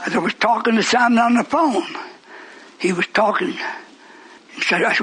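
A man preaching a fiery sermon, speaking emphatically and breaking into shouts. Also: very high-pitched, moderate pace, long pauses, breathy edge, low-quality recording.

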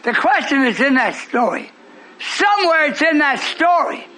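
A man preaching a sermon in a church, fervent, breaking into shouts and teasing the congregation. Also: very high-pitched, expressive, normal speed, low-quality recording.

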